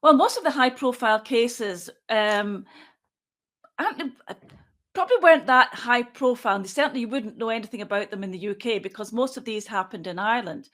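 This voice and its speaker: A woman in her sixties, a forensic pathologist, answering interview questions in a measured, matter-of-fact way as she thinks aloud. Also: on the high side, fairly bright tone.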